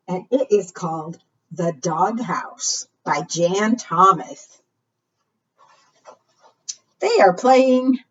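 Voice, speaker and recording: Lively woman reading to preschoolers. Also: mid-range voice. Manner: animated, questioning the children, singing. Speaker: children's librarian. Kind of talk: preschool storytime read-aloud. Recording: distant, dull lo-fi sound.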